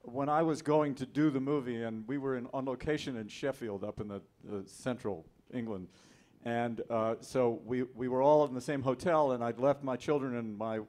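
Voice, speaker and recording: A man telling a lively anecdote as an actor on a convention panel, speaking into a handheld mic. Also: mid-range voice, moderate pace, few pauses. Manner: lively, animated storyteller. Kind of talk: storytelling anecdote. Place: convention hall.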